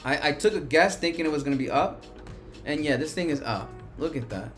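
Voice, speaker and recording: A man hosting a live stock market stream, talking excitably and with plenty of profanity, swinging between cheering and panic as prices move. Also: a little high, brisk, soft background music. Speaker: stock market livestream host.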